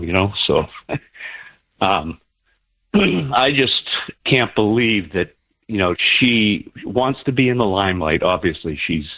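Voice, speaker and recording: A man's voice: on the low side, lo-fi sound. A man from New Hampshire calling in to a talk radio show, rambling with many fillers and restarts. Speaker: caller.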